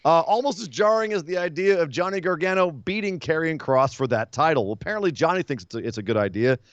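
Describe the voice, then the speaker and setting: A man co-hosting a casual wrestling podcast, animated and laughing often as he recaps. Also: on the high side, fast, no room sound. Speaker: podcast co-host. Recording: dull lo-fi podcast audio.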